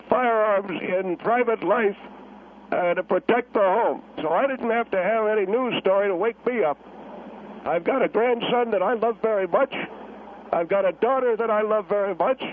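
A man voicing an elderly male Korean War veteran who calls in on a tinny phone line and rambles, halting and repeating himself. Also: high voice, slight background noise, voice pushed up. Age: over 70. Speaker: caller.

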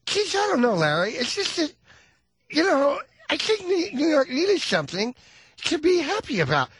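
A man doing an impression of a famous woman, speaking with a lateral lisp in a breathy, dazed manner. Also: extremely high pitch, huge pitch swings, moderate pace, a bit bright, voice pushed up, full character voice, low-quality recording. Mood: dreamy.

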